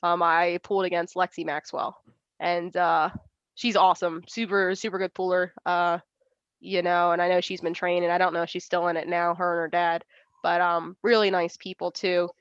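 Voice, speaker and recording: A woman's voice: lowish voice, level tone, moderate pace, smooth, no room sound, highs cut off. A young woman in her twenties, an arm wrestler, chatting casually in an interview, laughing often and acting out quoted voices.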